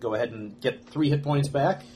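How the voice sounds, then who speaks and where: A man narrating a tabletop game as game master, relaxed and hesitant with many fillers. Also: mid-range voice, moderate pace.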